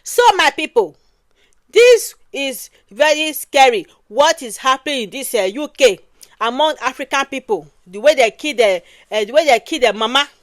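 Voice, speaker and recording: High-voiced Nigerian woman giving emphatic commentary. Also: lively intonation, moderate pace, no echo. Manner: emphatic, repeats phrases and ends with "oh". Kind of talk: casual commentary.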